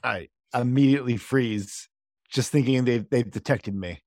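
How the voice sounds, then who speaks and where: Player, man, mid-pitched, earnest, dry close mic. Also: unhurried, a little mellow, dry recording. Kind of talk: tabletop role-play.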